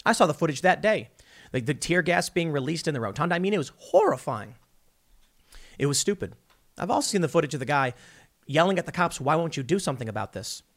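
Quick and sing-song, this man's a-little-high voice drives a combative, opinionated commentary. As a political commentator he speaks emphatically and keeps restarting his lines.

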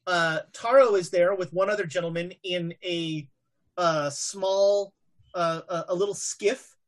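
A woman running a tabletop game as game master, narrating in a hesitant way full of fillers. She talks very slowly in a slightly low voice.

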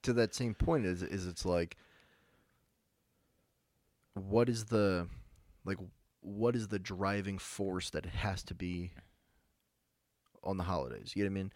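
A young man co-hosting a podcast in casual chat, laid-back and halting, with many restarts. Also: low-pitched, darkish tone, no room sound, studio quality. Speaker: podcast co-host.

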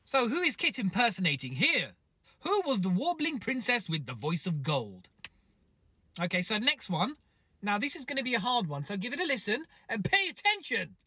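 A podcast host, giving wry, deadpan quiz links between clips. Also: medium pitch, normal speed, breathy edge, no room sound.

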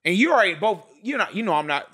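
A man co-hosting a relaxed barbershop podcast, talking in an emphatic, animated way full of slang. His voice sits high and rings bright. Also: rapid-fire, husky. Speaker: podcast co-host. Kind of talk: casual barbershop chat.

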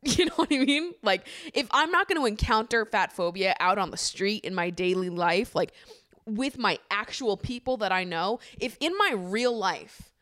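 A young woman hosting a casual solo podcast, ranting in an opinionated, profane, animated way with bursts of laughter. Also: medium pitch, normal speed, dry recording, clean studio sound. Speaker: podcast host.

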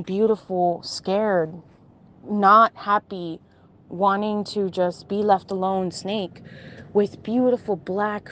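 Halting woman recounting a dream. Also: mid-range voice, a little mellow. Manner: halting, searching for words, frequent restarts. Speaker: storyteller. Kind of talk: casual retelling of a dream.

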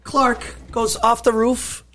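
A man co-hosting a casual podcast chat about a film, talking in halting bursts with many restarts. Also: very high-pitched, very noisy. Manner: halting, restarts often, animated. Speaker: podcast co-host.

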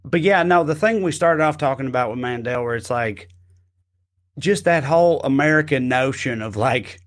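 A man's voice: mid-range voice, moderate pace. Wry man joking around. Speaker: podcast co-host. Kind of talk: casual chat.

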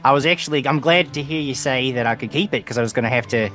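Earnest rambling guest player, in character, light stammer. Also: male voice, medium pitch, quick pace, a bit bright, faint music behind. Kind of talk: in-character tabletop role-play.

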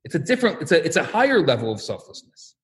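A male religious teacher delivering a lecture in the style of a sermon, with a high voice. His pitch swings widely as he tells stories and acts out the voices in them. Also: fast talker. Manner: animated storytelling, acts out quotes.

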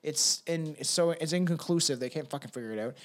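A man co-hosts a casual true-crime podcast, reading passages aloud between rambling, profane asides. His voice sits on the high side and he talks fast.

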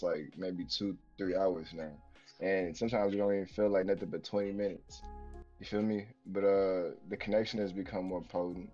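A man co-hosting a casual podcast, talking slowly and reflectively with casual slang. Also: deep voice, darkish tone. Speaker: podcast co-host. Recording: dull lo-fi sound.

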